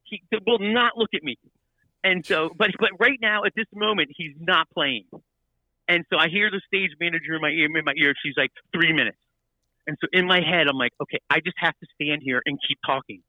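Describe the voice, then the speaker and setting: A man telling a story in casual chat, animated and full of restarts and repeated words. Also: on the high side, brisk, no echo, low-quality recording.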